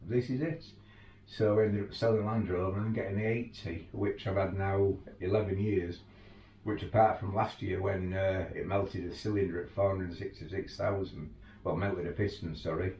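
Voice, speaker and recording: A man who works as an overland tour guide casually tells anecdotes, laughing as he goes, in a low, slightly mellow voice. The recording is muffled and roomy, with a distant mic, faint ambience, and a little hiss or hum.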